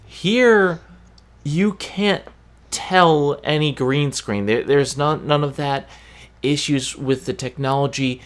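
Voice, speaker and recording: Podcast host, slow deliberate delivery, restarts while explaining views. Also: mid-range voice. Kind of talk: casual chat.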